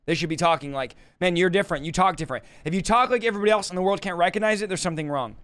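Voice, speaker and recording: Man, Bible teaching, colloquial, animated paraphrasing, high-pitched. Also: racing. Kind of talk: casual verse-by-verse Bible teaching. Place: livestream.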